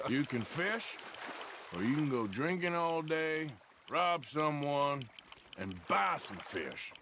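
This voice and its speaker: A gruff, weary outlaw trading dry jabs in a game scene. He talks very slowly in a fairly high voice, his remarks sardonic and clipped. Loud ambient noise runs under the game audio. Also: sing-song, heavily acted. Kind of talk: video game voice acting.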